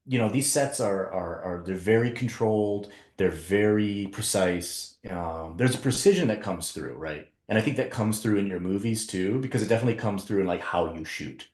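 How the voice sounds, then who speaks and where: Low-voiced man in an echoey room. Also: moderate pace, hardly any pauses, a little mellow. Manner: laid-back, swearing, joking. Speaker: podcast guest, filmmaker. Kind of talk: casual chat.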